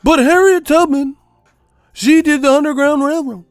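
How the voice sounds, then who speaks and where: A man voicing a whiny, high-pitched man who deflects every question with shrill, indignant interjections. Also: normal speed, dry recording, studio quality, soft background music.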